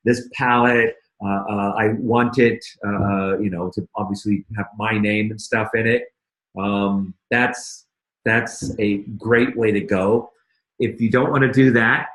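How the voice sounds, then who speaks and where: A man with a lowish voice teaches a casual screen-share lesson, chatting loosely and breaking off his own sentences. His voice sits in a roomy, echoey space. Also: a bit bright. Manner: chatty, self-interrupting, many fillers. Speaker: marketing instructor.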